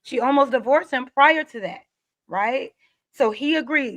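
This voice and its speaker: Measured woman arguing her point. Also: sits high, fairly bright tone, no room sound. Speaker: panelist. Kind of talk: heated panel debate.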